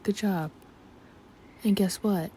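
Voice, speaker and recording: A woman's voice: medium pitch, steady tone, slow, dark tone, slight background noise. A woman narrating her painting in a chatty, scattered late-night voiceover, talking to herself and slipping in and out of a country twang. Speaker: art vlogger. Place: at home at night.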